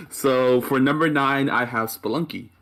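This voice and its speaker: A man's voice: medium pitch, measured pace, a bit bright. A man appearing as a podcast guest, talking in a laid-back way with frequent "you know" fillers. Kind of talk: casual chat.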